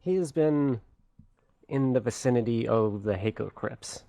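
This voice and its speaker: Male player, halting and self-repeating, dry close mic. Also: medium pitch, creaky, mellow, dry recording. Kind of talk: in-character tabletop play.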